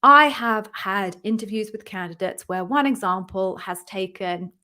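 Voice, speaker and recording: A woman's voice: mid-range voice, a little slow, pushed and bright. Upbeat woman hosting a live Q&A. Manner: upbeat, encouraging, chatty. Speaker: interview coach hosting a live Q&A. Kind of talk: live-stream Q&A chat.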